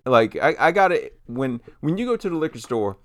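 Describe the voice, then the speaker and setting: A man's voice: medium pitch, sing-song, moderate pace, fairly bright tone, dry recording. A man co-hosting a casual podcast, laid-back and swearing casually, often trailing off and restarting. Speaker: podcast co-host.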